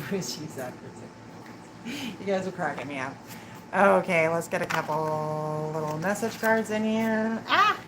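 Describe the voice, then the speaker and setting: A woman's voice: fairly low pitch, measured pace. A woman doing a live-stream tarot reading, chatting and teasing with her viewers and laughing often. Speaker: tarot reader. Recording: clear background noise.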